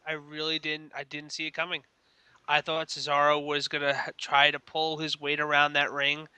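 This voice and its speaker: A man's voice: a little high, monotone, normal speed, bright, forceful tone, clean tone, no echo. A man co-hosting a casual podcast, rambling and cracking crude jokes. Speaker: podcast co-host. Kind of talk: casual wrestling chat.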